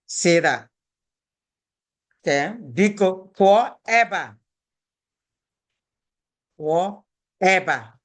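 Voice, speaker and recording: This is a language teacher in the middle of a lesson, speaking at an unhurried pace at a mid pitch. The teacher repeats every phrase several times and keeps checking that the students follow. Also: expressive, a bit bright. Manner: patient, repeats each phrase, checks in with "okay?".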